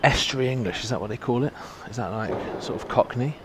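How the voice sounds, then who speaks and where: A man's voice: medium pitch, fast talker. A man giving casual, joking live commentary on a tennis match. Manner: chatty, joking, reacting to play. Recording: loud background noise at a live venue.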